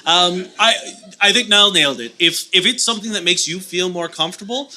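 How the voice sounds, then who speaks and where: Bright, high-ish rambling man. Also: brisk. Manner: rambling, joking, many restarts. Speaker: podcast co-host. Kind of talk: casual comedic chat. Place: live show venue on stage.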